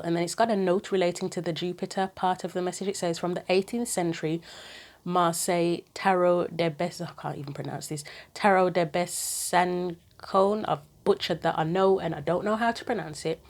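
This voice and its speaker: A woman with a lowish voice giving a casual tarot reading. She muses aloud in chatty asides and reads card guidance aloud from a book. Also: a little mellow. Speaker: tarot reader.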